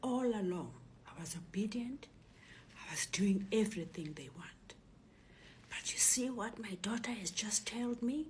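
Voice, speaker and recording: A middle-aged South African woman, a Zulu speaker, telling a personal story in a lively way and acting out the other voices. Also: medium pitch, unhurried, a little hiss or hum. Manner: animated retelling, acts out voices and shouts.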